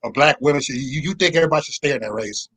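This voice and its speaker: A man's voice: mid-range voice, racing, fairly bright tone, slightly rough. A man speaking as a guest on an online panel, emphatic and stammering, calling himself an aggressive person. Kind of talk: casual panel chat.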